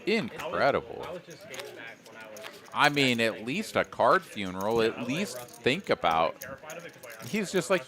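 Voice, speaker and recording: Brief: mid-pitched male poker commentator, joking, card-room crowd behind. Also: very animated, slow, long pauses. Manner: joking, chatty. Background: casino card room crowd.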